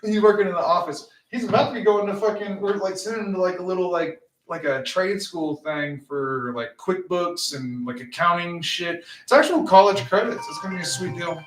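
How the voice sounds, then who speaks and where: A middle-aged man with a drawl talks on his livestream, cursing freely and rambling through stories. His voice sits high for a man. He is heard from back off the mic, in a room with noticeable echo. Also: normal speed, hardly any pauses, recorded from a distance, background noise. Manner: profane, rambling storyteller. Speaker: livestream host. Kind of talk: casual livestream chat. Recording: roomy, off-mic.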